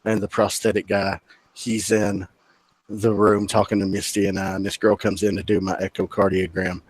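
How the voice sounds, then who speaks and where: A man's voice: sits low, little pitch movement, moderate pace, no echo. A man guest on a podcast, casually telling a hospital story, swearing freely, joking at his own expense and stumbling over restarts. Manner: profane, self-mocking, stammers on restarts.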